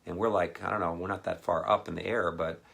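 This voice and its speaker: A man with a low, gravelly voice tells a rambling personal story in a relaxed sermon. He drifts into animated quoted voices as he talks. His speech is loose and anecdotal, full of fillers and asides. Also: fast. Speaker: ministry speaker.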